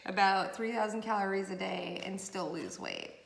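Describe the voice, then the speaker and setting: A woman's voice: medium pitch, sing-song, normal speed, gravelly. A woman giving a chatty, rambling tarot reading with many fillers, recorded on a camera mic. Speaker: tarot reader. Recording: echoey room with faint noise.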